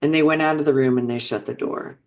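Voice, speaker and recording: A woman's voice: deep voice, fairly even intonation, quick pace. A woman in her sixties, an interview guest telling personal stories in a reflective, earnest way, often restarting sentences. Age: 60s. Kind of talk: personal storytelling.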